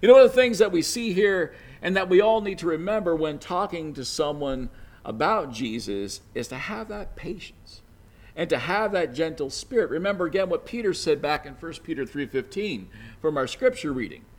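A man's voice: fairly high pitch, expressive, moderate pace. A man preaching a sermon in a conversational way, often saying "you know" and building to emphatic bursts.

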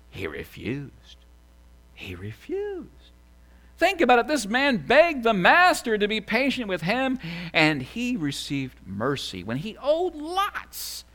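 A man preaching a sermon as a pastor, animated, swinging from loud excited bursts to quiet asides. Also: high voice.

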